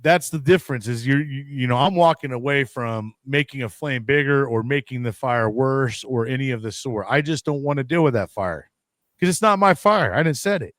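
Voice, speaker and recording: A man's voice: medium pitch, lively intonation, normal speed, fairly bright tone, no echo. Rambling, swearing man on a podcast. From United States. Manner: rambling, swears freely, acts out his own reactions. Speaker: podcast co-host. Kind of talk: casual chat.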